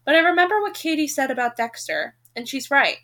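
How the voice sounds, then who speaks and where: A woman hosting a podcast, reading a novel aloud and reacting with expressive, emotional outbursts. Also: high voice, brisk. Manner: expressive reader who breaks off into emotional rants.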